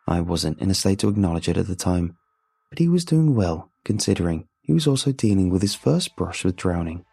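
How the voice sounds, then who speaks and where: A man narrating a first-person horror story in a steady, measured way. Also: low voice, vocal fry, breathy edge.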